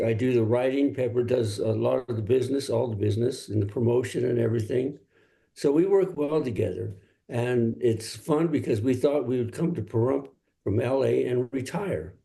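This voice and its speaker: A man's voice: medium pitch, creaky, dark tone. An older man from Los Angeles, a singer-songwriter guest, telling easygoing, rambling stories in a casual interview.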